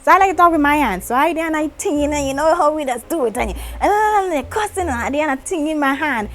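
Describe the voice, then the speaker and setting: A woman, vlogging an animated, dramatic story and talking with her hands. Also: sits high, fast talker. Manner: lively, dramatic retelling with acted-out quotes, talks with her hands.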